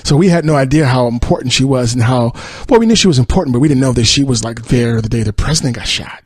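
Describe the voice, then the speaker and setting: A man's voice: medium pitch, animated, fast, slightly rough, dry recording. A man hosting a podcast, casually retelling a TV episode in a rambling way with many fillers. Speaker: podcast host.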